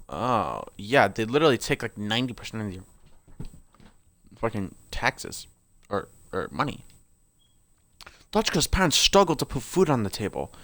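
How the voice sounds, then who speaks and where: A man's voice: medium pitch, fairly bright tone. A man reading game character profiles aloud. He often stumbles and corrects himself, and breaks off into joking asides. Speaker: game video creator.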